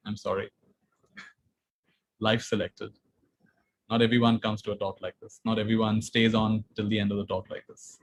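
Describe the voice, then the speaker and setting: A man giving a calm spiritual talk, repeating phrases gently and sometimes laughing softly. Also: fairly low pitch, rough recording. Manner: calm, repetitive, gently emphatic, soft laughs. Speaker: spiritual teacher. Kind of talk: talk to an online audience.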